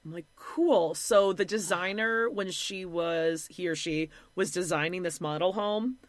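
A woman co-hosting a podcast, recapping a reality show in casual chat, animated and blunt, swearing freely and acting out other people in quick impressions. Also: lowish voice, no echo. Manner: animated, mimics people in quotes, blunt and profane. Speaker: podcast co-host.

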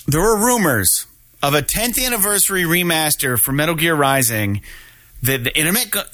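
A man hosts a laid-back gaming news podcast in a slightly high, bright voice with a forceful tone and no echo. He rambles loosely, swearing a lot and using plenty of filler words.

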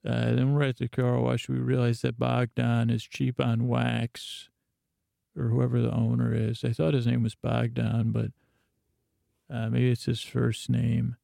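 Unhurried and mid-range, a man's gravelly voice wanders through a podcast bedtime recap riddled with filler words. His delivery stays monotone, and the clean studio sound carries no echo.

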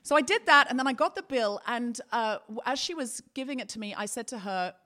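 Bright, playful woman host. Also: fairly high pitch, expressive, fairly quick. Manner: playful, mock-dramatic. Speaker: comedy podcast host. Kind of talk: comic storytelling.

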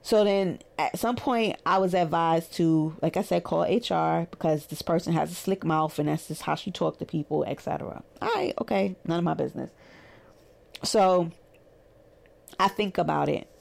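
A woman's voice: moderate pace, creaky. A woman with a Brooklyn accent, a therapist in private practice, telling a story in a casual monologue and animatedly acting out quoted dialogue. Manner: animated, acts out quoted dialogue with rising pitch.

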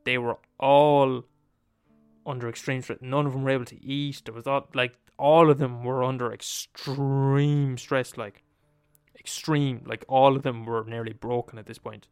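A man's voice: medium pitch, little pitch movement, moderate pace, clean tone, no room sound, faint music behind. A man with an Irish accent retelling a story in a casual, profane, repetitive, conversational way.

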